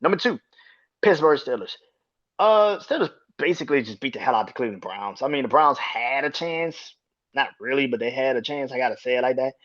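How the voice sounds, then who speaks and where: A man hosting a casual sports podcast, swearing freely and laughing between rapid opinions. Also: mid-range voice. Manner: profane, animated, laughs often. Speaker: podcast host. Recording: dull lo-fi sound.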